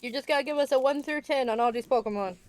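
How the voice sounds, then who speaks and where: A woman's voice: high-pitched, fast. A woman hosting a casual group chat, leading the rating and reading out chat messages. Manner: leads the rating, reads viewer chat aloud. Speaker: stream host.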